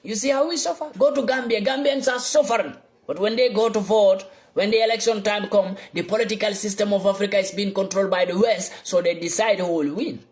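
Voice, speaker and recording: A young man giving an impassioned political monologue, fervent and repetitive, swinging between loud outbursts and low muttering. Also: brisk, hardly any pauses. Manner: repeats lines for emphasis. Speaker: political vlogger.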